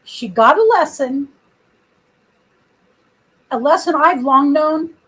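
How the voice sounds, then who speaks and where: A woman's voice: high voice, animated, slow pace, fairly bright tone, poor audio. A woman hosting a casual livestream, chatting and telling stories to her viewers in a rambling way, recorded without her microphone. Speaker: livestream host. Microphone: computer built-in mic, no external microphone.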